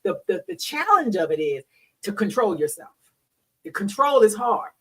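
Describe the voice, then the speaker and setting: Far from the mic in a rough recording, a middle-aged woman, a host and hospital worker, talks openly and bawdily to listeners, preaching and frequently laughing. Her medium-pitched voice is sing-song and fairly bright with a breathy edge, at normal speed.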